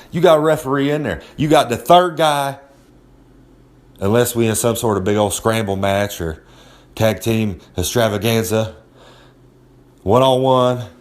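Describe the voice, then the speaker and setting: A man giving a casual, swaggering monologue of tips as a recurring segment presenter, talking loose and streetwise and repeating himself for effect. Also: medium pitch. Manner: swaggering, loose, repeats "I'm just saying", streetwise slang.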